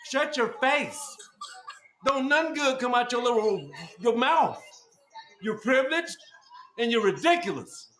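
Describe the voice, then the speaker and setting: Male podcast host, high voice, relentless mocking, echoey call audio. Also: lively intonation, unhurried, pauses often, a little hiss or hum. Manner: loud, mocking, repeats insults over and over. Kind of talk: heated argument on a group call. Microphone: group call.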